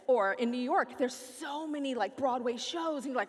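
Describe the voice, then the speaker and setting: An American woman speaking onstage in a lively, playful, sassy manner. Her voice sits a little high. It rings with the long reverb of a large hall. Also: fairly quick. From United States. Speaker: featured speaker. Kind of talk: onstage conversation. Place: large festival stage hall.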